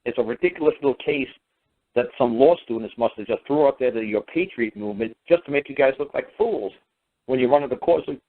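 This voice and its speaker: A man's voice: mid-range voice, animated, fast, gravelly, dry recording. A man hosting a radio show, telling a story in a blunt, mocking way and acting out the people he quotes. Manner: blunt, mocking, quotes others in put-on voices. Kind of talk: storytelling monologue. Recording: dry, tinny phone-line sound.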